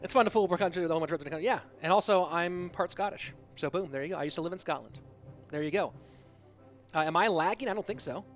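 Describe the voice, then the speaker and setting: A man's voice: high-pitched, fast talker, faint music behind. A man hosting a live stream, chatting casually with viewers while checking his connection. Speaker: stream host and commentator.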